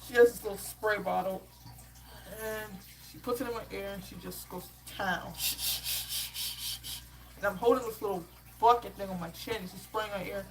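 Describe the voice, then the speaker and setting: A woman hosting a live sports reaction stream, telling a story in an exasperated, slangy way with animated asides. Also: mid-range voice, moderate pace, long pauses, low-quality recording.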